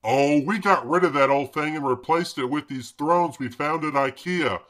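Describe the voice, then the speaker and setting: A man voicing a smug, condescending fish wife in an adult cartoon, talking calmly and dismissively. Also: a little high, normal speed, voice pushed down, lightly acted. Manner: calm, condescending.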